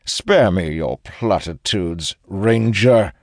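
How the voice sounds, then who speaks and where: A man doing a smooth sneering turncoat. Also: mid-range voice, lively intonation, measured pace, darkish tone, no echo, clean studio sound, voice pushed up, natural voice. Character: smooth scornful male turncoat official.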